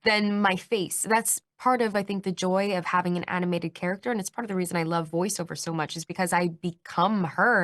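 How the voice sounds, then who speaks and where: A woman in her twenties giving a press interview, bubbly and animated, laughing often. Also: on the low side, fairly quick, few pauses, dry recording, studio quality. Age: 20s. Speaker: actress being interviewed.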